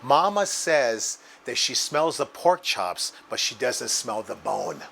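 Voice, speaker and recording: A man's voice: medium pitch, sing-song, takes it slowly, vocal fry, fairly bright tone, slight background noise. A man hosting a home cooking show, walking viewers through a recipe and telling a restaurant story with enthusiasm. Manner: enthusiastic, addresses viewers as guys. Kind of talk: cooking demonstration and anecdote.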